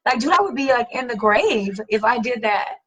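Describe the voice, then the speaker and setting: A middle-aged woman hosting a casual chat, reading viewer comments, slangy and animated, swearing casually and laughing often. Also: fairly high pitch, normal speed, rough recording. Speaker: host.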